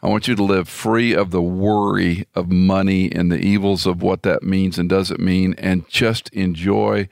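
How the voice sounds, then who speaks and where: An older man interviewing his guest in a measured, reflective way during a casual conversation. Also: sits low, little pitch movement, vocal fry, darkish tone, dry recording, clean studio sound.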